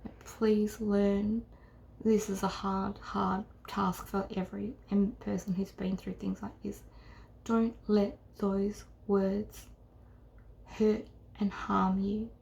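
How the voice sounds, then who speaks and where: Earnest, gravelly-voiced woman tarot reader. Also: medium pitch, level tone, darkish tone. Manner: earnest, halting, often dropping to a whisper. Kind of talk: intuitive tarot reading to camera.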